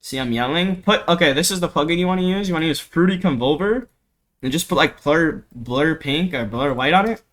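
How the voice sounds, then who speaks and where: Speaking a little high and fairly quickly, a young man walks through a home production tutorial, casually screen-recorded. His bright, slightly sharp voice wanders loosely, packed with slang, fillers and curses. He uses an inexpensive desk microphone in a home studio.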